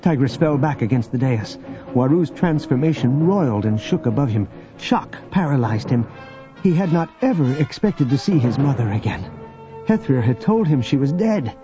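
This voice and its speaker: A man narrating an audiobook in a steady, expressive storytelling manner. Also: medium pitch, moderate pace. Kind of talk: scripted narration. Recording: dull lo-fi audio with music.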